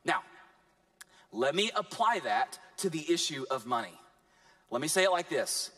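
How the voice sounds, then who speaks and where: Male pastor, high voice, lively sermon delivery with dramatic pauses. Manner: animated preaching with dramatic pauses.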